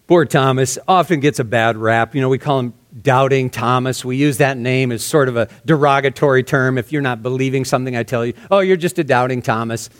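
A man preaching a verse-by-verse sermon in a conversational way, dropping to soft, hushed tones for emphasis. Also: medium pitch, brisk, few pauses. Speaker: pastor. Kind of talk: expository sermon.

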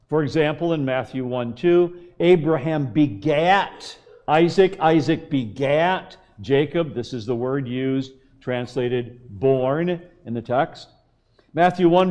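Slow, emphatic preaching man. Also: on the high side, warm tone. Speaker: pastor. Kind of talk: sermon.

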